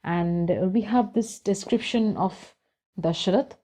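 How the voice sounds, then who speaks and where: A woman retells a book's story in her own words, chatty and unscripted, with a few pauses and fillers. Her voice is mellow and warm at a medium pitch. She reads short descriptive passages slowly between plain narration. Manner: conversational, with fillers and restarts. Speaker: book channel storyteller.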